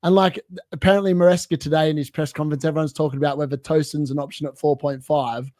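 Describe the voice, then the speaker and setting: A man's voice: on the high side, little pitch movement, quick pace, dark tone, no room sound, clean studio sound. A man who is a guest on a casual football chat, rambling with many filler words.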